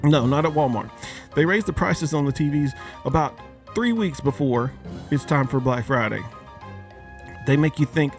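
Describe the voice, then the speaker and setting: A man's voice: a little high, lively intonation, normal speed, pauses often, faint music behind. A man hosting a podcast, a father of young kids, delivering a joking, casual holiday rant and firing many questions at his listeners. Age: adult, father of young kids. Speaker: podcast host.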